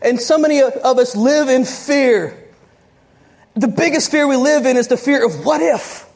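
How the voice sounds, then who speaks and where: A woman preaching a sermon to a congregation, telling stories with lively asides and quick laughs. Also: high-pitched.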